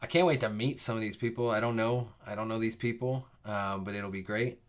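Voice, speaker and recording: A man's voice: lowish voice, fairly even intonation, a little fast. A young man hosting a live coding stream, chatting casually with viewers in a rambling way, full of fillers and restarts before the lesson.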